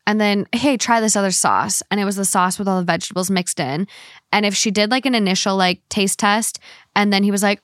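A woman's voice: mid-range voice, fairly even intonation, fast, no echo. Blunt young woman podcast host, dry sound. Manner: blunt, swears freely. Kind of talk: casual chat.

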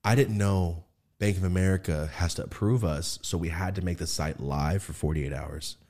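This young man's podcast is relaxed conversation, where he brings his stories to life with rapid shifts into high mimicking voices.

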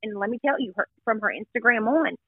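A chatty woman tells a story bluntly and pokes fun at herself. Her voice sits a little high and breathy. It comes through a tinny, phone-like line. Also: fast, dry recording. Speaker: guest. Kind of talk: casual chat.

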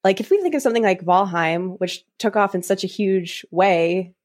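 A woman's voice: medium pitch, animated, normal speed, a little mellow. A woman who is a guest on a podcast, chatting casually with lots of "like" fillers. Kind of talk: casual chat.

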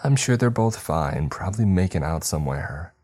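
A man's voice: deep voice, expressive, normal speed, darkish tone. A man voicing a nasty, mocking teenage schoolboy who taunts his classmates. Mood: sneering. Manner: sneering, taunting.

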